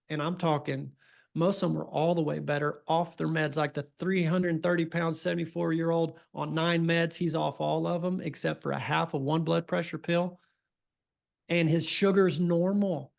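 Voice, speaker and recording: Brief: middle-aged man, country doctor, folksy storyteller, gravelly voice, flat delivery. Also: on the high side. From Texas. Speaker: family doctor. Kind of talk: storytelling interview.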